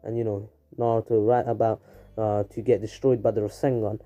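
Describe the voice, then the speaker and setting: A man's voice: fairly low pitch, flat delivery, fairly quick, mellow. A man casually narrating a fan-made story, rambling and full of fillers like "you know" and "anywho".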